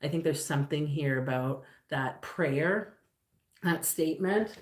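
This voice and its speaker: Low-voiced woman giving a rambling card reading. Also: unhurried, echoey room. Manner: rambling, filler-heavy, musing aloud. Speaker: tarot reader on a livestream. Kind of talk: casual live card reading.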